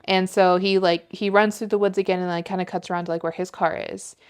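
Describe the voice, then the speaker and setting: A woman's voice: lowish voice, flat delivery, fast, clear, resonant tone. A woman co-hosting a podcast, retelling a story in a chatty way, full of "like" fillers and casual swearing. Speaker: podcast co-host.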